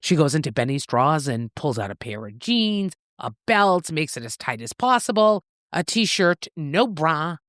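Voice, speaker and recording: A woman co-hosting a casual podcast, recapping a novel with lively storytelling and freely swearing. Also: deep voice, normal speed, few pauses, no echo, studio quality. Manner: animated storytelling, acts out characters' lines in shifting voices, swears freely. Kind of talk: casual book recap chat.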